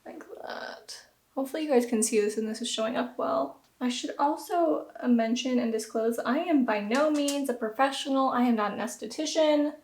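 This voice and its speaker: A woman's voice: high voice, brisk, hardly any pauses, a little mellow. Chatty young Southern woman, roomy echo. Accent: American Southern. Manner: chatty, self-deprecating, giggly. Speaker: beauty vlogger. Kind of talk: casual tutorial chat.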